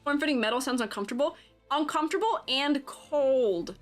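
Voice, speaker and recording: Animated woman streamer, lively pitch. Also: normal speed, soft background music. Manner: animated, chatty, laughs often, reads chat aloud. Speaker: character design teacher and streamer. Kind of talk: casual live-stream commentary.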